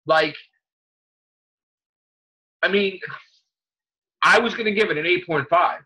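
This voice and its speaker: High, bright-voiced man ranting casually. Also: slow pace, long pauses. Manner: ranting, swearing, frequent fillers and restarts. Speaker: podcast co-host. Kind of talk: casual fan chat. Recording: dull lo-fi podcast audio.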